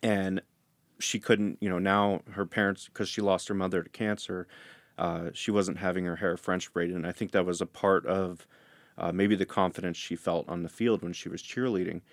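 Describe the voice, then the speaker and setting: A man's voice: low voice, flat delivery, moderate pace, no echo. A man telling an earnest, emotional story as an interview guest who teaches dads to do hair. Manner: earnest, emotional, laughs softly.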